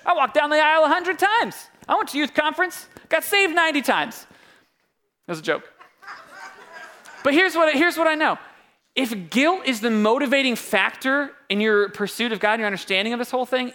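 Young male pastor, casual and jokey sermon delivery, high-pitched and bright. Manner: casual and joking, with wide swings of pitch and loudness. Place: church.

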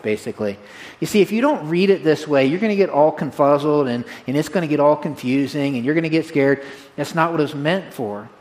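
Folksy preacher man, fairly high voice. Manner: energetic, direct, repeats key phrases to a congregation. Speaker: pastor. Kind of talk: sermon.

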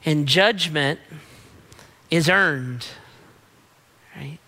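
A man's voice: a little high, drawn-out words, long pauses, bright, forceful tone. A man preaching a sermon in a punchy, emphatic way, mixing in casual slang. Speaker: pastor.

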